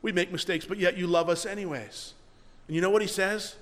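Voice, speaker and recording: A man preaching a sermon, earnest, swinging between loud emphasis and quiet, soft passages, closing in prayer. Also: high-pitched, a little fast, long reverb tail. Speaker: pastor.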